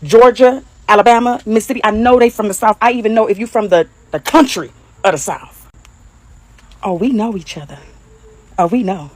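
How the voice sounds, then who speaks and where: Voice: mid-range voice, brisk, dry recording. A speaker with a Detroit accent giving a crude, laughing, mocking rant on social media.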